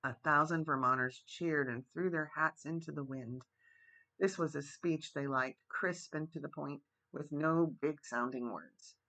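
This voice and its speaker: A man reading a chapter book aloud as a gentle bedtime story. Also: fairly high pitch, a little slow, rough recording. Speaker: storybook reader. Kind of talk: reading a children's novel aloud.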